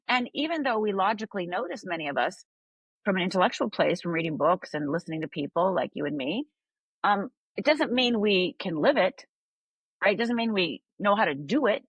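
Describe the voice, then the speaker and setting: A woman's voice: mid-range voice, animated, moderate pace, breathy edge, no echo, dull audio. A woman coach on a podcast interview, telling a story animatedly and often adding "right?". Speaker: life coach guest.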